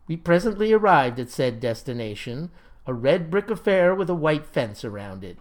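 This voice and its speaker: A man narrating a comic story in a folksy, deadpan manner. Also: on the high side, moderate pace.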